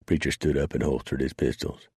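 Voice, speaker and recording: A man narrating an audiobook in a steady, unhurried storytelling manner. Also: rumbling low, breathy edge, no room sound, clean studio sound.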